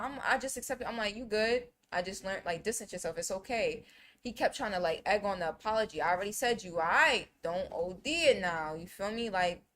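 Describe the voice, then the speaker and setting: A woman's voice: medium pitch, a little fast, fairly bright tone, slight background noise. Slangy young woman telling a story. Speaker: podcast co-host. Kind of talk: casual drunk chat.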